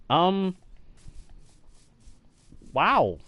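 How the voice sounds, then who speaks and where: A man talks slowly with viewers while live-streaming a game, pausing often, laughing easily, and thanking them a lot. His high, slightly nasal voice has a sing-song lilt and a fairly bright tone.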